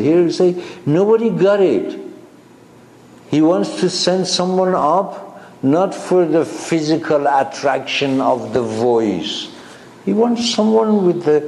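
A man teaching a class on a spiritual text, talking slowly in short halting phrases and asking his listeners questions, with English as a second language. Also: a little high, lively intonation, a little mellow, reverberant, a little hiss or hum, poor audio. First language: not English.

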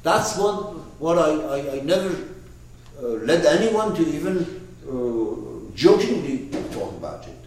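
A man teaching a lecture on a classic poet's book, emphatic and animated, often restarting and repeating words. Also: fairly high pitch, a little slow, gravelly, slight background noise. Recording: echoey room from far off.

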